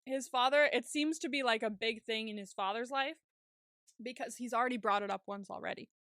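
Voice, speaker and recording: A woman's slightly high voice moves at a fairly quick clip as she co-hosts a podcast, giving a relaxed, animated recap of a TV episode. Between frequent laughs she voices the characters' lines herself. The studio-quality audio has no echo.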